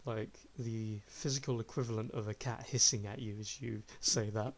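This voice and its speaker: A man's voice: lowish voice, steady tone, moderate pace. A man narrating a tabletop game as game master, in a casual, descriptive way. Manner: casual, descriptive, laughs often.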